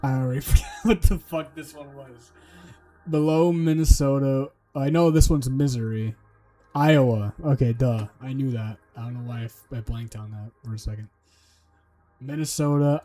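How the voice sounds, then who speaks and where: This study streamer has a dark-toned, medium-pitched voice, fairly even in intonation and at normal speed, backed by soft music. He mutters casually to himself, throwing in swear words and silly memory tricks.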